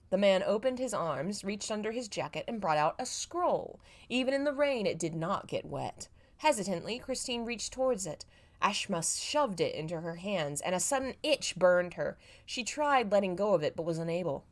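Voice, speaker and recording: Woman host, lower voice, reads her old story with wry asides. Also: animated, moderate pace. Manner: self-mocking, laughs at her own writing. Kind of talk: live reading with joking asides.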